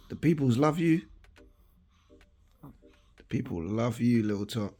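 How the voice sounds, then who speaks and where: A young father chatting playfully to camera at home, with lots of slang, sometimes murmuring softly by a sleeping baby. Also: medium pitch, animated, measured pace, pauses often, soft background music. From Britain. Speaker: vlog host, father. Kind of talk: casual chat to camera.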